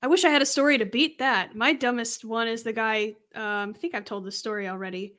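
A woman's voice: a little high, fairly even intonation, fairly quick, fairly bright tone. A woman co-hosting a podcast, telling police stories in a giggly, self-deprecating way. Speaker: podcast co-host, police officer. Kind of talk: casual story chat.

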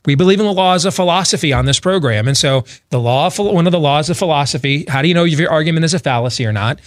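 A man's voice: on the high side, racing, dry recording, clean studio sound. A man hosting a talk radio show, reading an ad and arguing in a brash, rambling way. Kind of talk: talk radio commentary and ad read.

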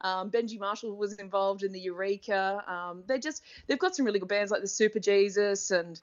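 A woman's voice: mid-range voice, a little fast, dull audio. A woman who hosts sports TV, chatting as a podcast guest and telling stories with frequent laughter. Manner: chatty storyteller, laughs often. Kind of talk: casual chat.

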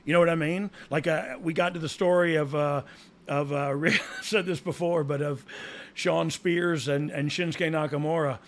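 A man with a drawl talks in loose, rambling podcast chat, often restarting his sentences and running himself down. His voice sits fairly high and has a gravelly, fried edge. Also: steady tone, normal speed. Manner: rambling, self-deprecating, drawling, frequent restarts. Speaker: podcast co-host, former wrestling insider. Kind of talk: casual chat.

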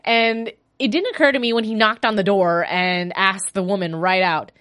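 A woman's voice: mid-range voice, animated, moderate pace, a bit bright. A woman hosting a solo fan after-show podcast, chatting casually and gushing about the episode. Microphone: podcast mic.

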